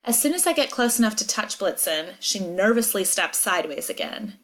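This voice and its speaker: Expressive woman reading a story aloud. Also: normal speed, hardly any pauses. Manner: expressive, acts out dialogue with big pitch jumps. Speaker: teacher reading a book aloud.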